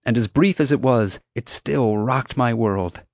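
A man reading a first-person adventure story aloud as narrator, steady and vivid. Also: mid-range voice, unhurried, dry recording, clean studio sound. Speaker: audiobook narrator.

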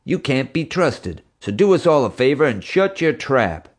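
A man's voice: medium pitch, very animated, normal speed, voice pushed up. A man voicing a big, tough male policeman who has turned terrified and whimpering. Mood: gruff. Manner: whimpering, fearful.

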